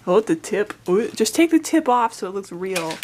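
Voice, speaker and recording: A young adult woman filming a casual vlog, chatty and playful and quick to laugh, talking from behind a handheld camera. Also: mid-range voice, very animated, darkish tone, a little hiss or hum, low-quality recording. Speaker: vlogger.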